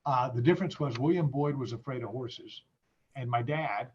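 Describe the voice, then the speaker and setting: Male guest, mid-pitched, halting and friendly, on slightly dull video-call audio. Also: breathy edge. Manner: halting, many restarts and fillers, friendly. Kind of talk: casual video-call interview.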